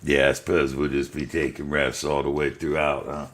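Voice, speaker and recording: A man's voice: extremely low pitch, little pitch movement, normal speed. A man playing a tabletop game, laid-back with short replies. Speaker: player. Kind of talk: casual tabletop play.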